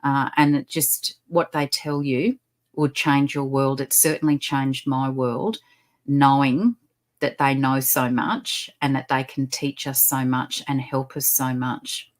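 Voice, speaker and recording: A woman, a guest on a podcast, describing her work talking with animals in a lively, upbeat manner. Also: a bass voice, takes it slowly. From Australia. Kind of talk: podcast interview. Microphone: video call.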